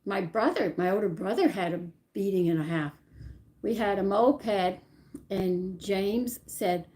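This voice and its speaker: An older woman telling family stories from her childhood in a rambling, animated way, often stopping to correct herself. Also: medium pitch, unhurried. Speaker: channel host. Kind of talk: personal storytelling.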